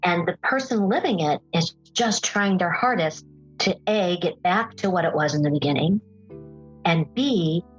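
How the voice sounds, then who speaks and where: A woman with a husky, slightly breathy voice recounts her own experience, earnest and emphatic, and she leans on key words by slowing down. The sound is dull and lo-fi, with faint music underneath. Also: fairly low pitch, lively intonation. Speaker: podcast guest. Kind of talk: personal storytelling.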